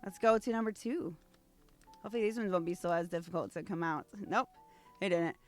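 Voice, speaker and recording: A woman's voice: fairly low pitch, a little fast, soft background music. A woman hosting a casual unboxing video, reading card text aloud between gushing asides. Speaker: VTuber host.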